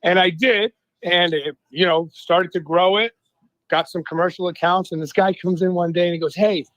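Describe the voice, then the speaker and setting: A man from the Boston area, a guest on a radio talk show, telling stories in an animated and profane way. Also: high-pitched, moderate pace, dry recording, highs cut off.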